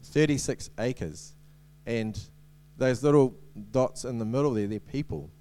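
A man's voice: medium pitch, expressive, measured pace, dark tone. A man giving a sermon as a preacher, in a conversational way with many ums and restarts and light humorous asides.

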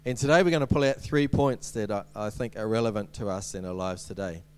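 Low-voiced man preaching casually. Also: brisk, darkish tone, smooth. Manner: conversational, hesitant with many ums and restarts; lightly humorous asides. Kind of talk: sermon.

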